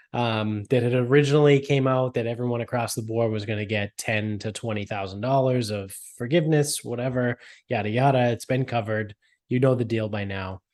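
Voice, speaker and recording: A man's voice: medium pitch, darkish tone. Laid-back man co-hosting a podcast. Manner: loose, swearing, laughs often. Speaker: podcast co-host. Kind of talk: casual chat.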